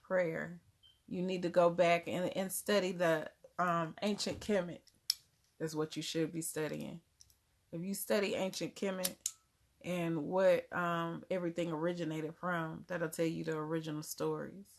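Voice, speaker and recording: Unhurried and fairly even in intonation, a woman with a lowish voice runs a casual livestream, reading out comments and replying to viewers. She has a Southern US accent, comes from Germany, laughs often, and speaks loosely, skipping words.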